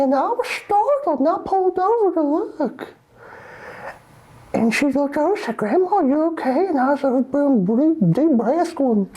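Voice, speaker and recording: A woman playing an excitable old grandmother who tells a rambling, breathless story. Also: high voice. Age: older.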